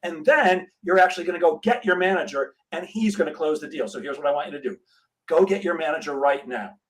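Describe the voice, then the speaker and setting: A man's voice: a little high, quick pace, poor audio. A middle-aged man, a sales trainer and guest, telling a story in a podcast interview and acting out the dialogue. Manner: animated storyteller, acts out dialogue.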